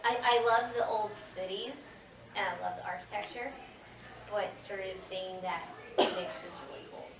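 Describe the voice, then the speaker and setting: A woman's voice: medium pitch, fairly even intonation, normal speed. Woman voice actor telling stories at a con panel, lots of laughs, far off mic in an echoey room with background noise. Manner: chatty, laughing, slips into playful voices. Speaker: convention guest voice actor. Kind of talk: casual panel Q&A answers.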